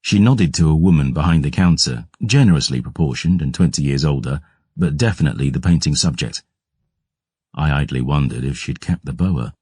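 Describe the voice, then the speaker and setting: A man giving gruff, measured first-person audiobook narration. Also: a bass voice, a little mellow, dry recording, clean studio sound.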